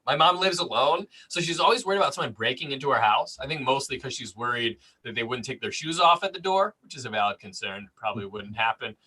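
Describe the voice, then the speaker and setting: A man's voice: mid-range voice, animated, quick pace, bright, forceful tone, husky, low-quality recording. A man in his late twenties doing a dry, self-deprecating stand-up set over a video call. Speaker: stand-up comedian.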